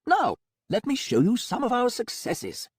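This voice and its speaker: A man's voice: very high-pitched, huge pitch swings, a little slow, slightly rough, no room sound, studio quality, voice pushed up, exaggerated voice. A man voicing a callous male doctor who runs a cyborg ward, breezy and condescending. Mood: smug.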